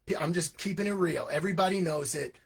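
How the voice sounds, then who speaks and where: A man who is an English teacher and founder of an education program, speaking in a live, energetic monologue with frequent asides. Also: a little high, fast, vocal fry, breathy edge. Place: Hong Kong.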